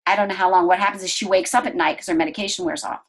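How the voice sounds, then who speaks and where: A middle-aged woman telling an interviewer a personal family story in an earnest, gentle way, slowing down at the calm moments. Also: fairly low pitch, poor audio. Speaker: interview guest.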